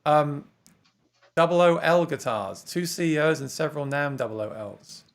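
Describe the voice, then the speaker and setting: A chatty English man hosting a livestream, running through viewer comments and laughing easily. His voice sits a little high for a man. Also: normal speed. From England. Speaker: host of a guitar livestream. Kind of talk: casual livestream chat.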